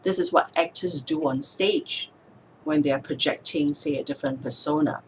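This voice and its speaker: A woman speech therapist explaining speech techniques in a calm, measured way, sometimes slowing down to show a word's stress. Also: low-pitched, slight background noise. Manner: calm, measured, demonstrates words slowly with stress. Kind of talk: instructional explanation to camera.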